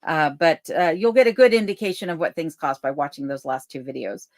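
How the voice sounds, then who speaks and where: A woman hosting a live stream from her home, reading viewer comments aloud and chatting back in a relaxed, easygoing way. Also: deep voice, fairly quick, no room sound, clean studio sound. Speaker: livestream host reading chat comments. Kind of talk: casual live chat. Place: home in remote Alaska. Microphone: desk microphone.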